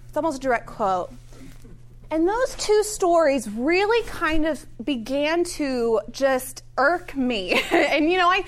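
A woman speaking to a live audience, leading a prayer and then teaching in a conversational, animated way, chuckling between phrases and often saying um. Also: high-pitched. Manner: conversational with frequent fillers. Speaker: speaker at a Christian gathering. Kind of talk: teaching talk with an opening prayer.

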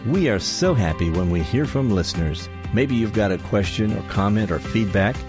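A man's voice: on the low side, lively intonation, moderate pace. A male radio announcer reading an upbeat, inviting station promo. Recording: announcement over music.

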